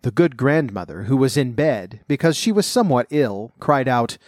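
Measured male fairy tale reader. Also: medium pitch, expressive, a little mellow, dry recording, clean studio sound. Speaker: narrator.

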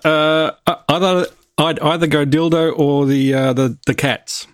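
An Australian man, a contestant in a casual comedy quiz, talking haltingly with many fillers. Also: on the high side, steady tone. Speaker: panel contestant.

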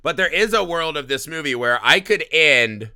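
A man's voice: fairly high pitch, normal speed, smooth, no echo, clean studio sound. A man hosting a podcast, talking casually and animatedly about a horror film, often tagging his points with "right?". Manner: animated, tags lines with "right?". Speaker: podcast host.

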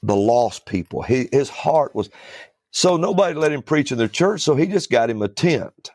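A man's voice: medium pitch, animated, moderate pace, darkish tone, slightly rough, no room sound. A man who is a preacher, telling a folksy story in a casual talk-show chat. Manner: fiery and preachy, then folksy anecdote-telling.

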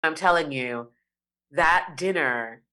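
A woman who is a singer, speaking as an interview guest and telling a heartfelt personal story, expressive and lingering on words. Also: low voice, slow pace.

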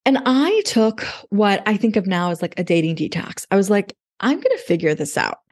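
A woman's voice: medium pitch, sing-song, normal speed, a little mellow. A woman in her thirties, a podcast guest, telling her story in a chatty way with lots of "like" and quoted thoughts. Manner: chatty, lots of "like", relives moments in quoted inner voice. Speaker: podcast guest, dating coach. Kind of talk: casual interview storytelling.

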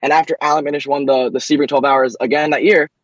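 A young man, a racing driver, answering interview questions eagerly, with many quick restarts. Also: medium pitch, fairly even intonation, no room sound, highs cut off.

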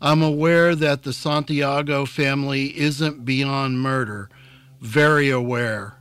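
A man's voice: mid-range voice, fairly even intonation, slow pace, a bit bright, smooth, dry recording. A man voicing an earnest, determined man who argues his case steadily and persuasively in a novel reading. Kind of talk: scripted narration.

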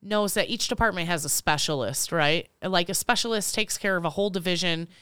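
A woman's voice: fairly low pitch, fairly quick, fairly bright tone, smooth, no echo, studio quality. A woman co-hosting a podcast, chatting casually and acting out the people in her story. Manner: chatty storyteller, acts out quotes, laughs often. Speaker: podcast co-host, retail vendor rep. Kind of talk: casual chat.

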